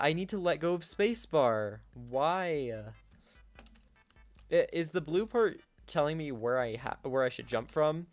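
A young man talks through his gameplay as he plays, with a fairly high voice. He is excitable, swinging from loud yells to low muttering. He is recorded close and dry, with faint music behind him. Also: measured pace, no room sound. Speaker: gaming YouTuber. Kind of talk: live gameplay commentary.

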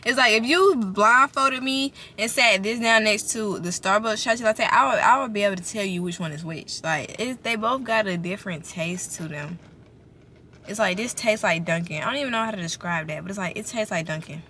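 A young woman talks straight into her phone camera from the driver's seat of her parked car, her voice bright and forward. She chats freely and expressively, drops casual swears, and keeps calling her viewers y'all. Faint ambient hum sits behind her. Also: medium pitch, fairly quick. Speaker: vlogger. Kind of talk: casual vlog talk to camera.

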